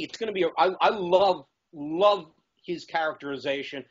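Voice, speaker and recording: A man with a fairly high voice, chatting as a guest on a talk show. He talks eagerly and rambles, restarting his sentences as he goes. The sound is dull and lo-fi. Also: normal speed, breathy edge. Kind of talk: casual chat.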